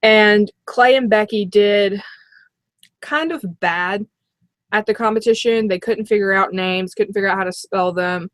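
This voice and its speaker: A woman's voice: mid-range voice, a little slow, no room sound. Woman co-host recapping, dry sound. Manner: rambling recap with fillers. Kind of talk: casual recap chat.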